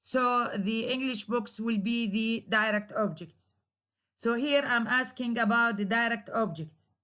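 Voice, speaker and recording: A woman lecturer whose first language is Arabic, explaining English grammar in a recorded lecture, with many hesitations and pauses. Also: on the high side, sharp tone. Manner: slow, careful explaining with frequent hesitations. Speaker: university lecturer.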